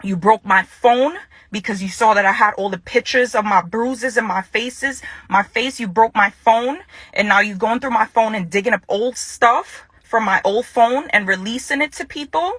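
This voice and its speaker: Woman, young adult, angry public callout, confrontational, repeats herself for emphasis, bright edgy tone. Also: a little high, moderate pace, breathy edge, dry recording. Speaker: woman addressing her ex-partner in a public video.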